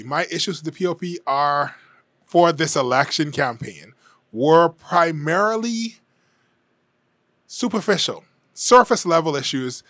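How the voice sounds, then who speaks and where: A man talks through his opinions in a candid, conversational way, hedging as he goes. His voice sits a little higher than most men's. The recording is dry and close, with no room sound. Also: fairly bright tone, no echo. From Bahamas. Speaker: political commentator. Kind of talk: casual opinion monologue.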